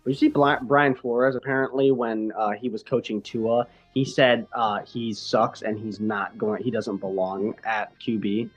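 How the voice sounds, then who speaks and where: A man's voice: lowish voice, steady tone, measured pace, few pauses, breathy edge, faint music behind. A man co-hosting a casual sports podcast, rambling with many fillers and restarts. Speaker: podcast co-host.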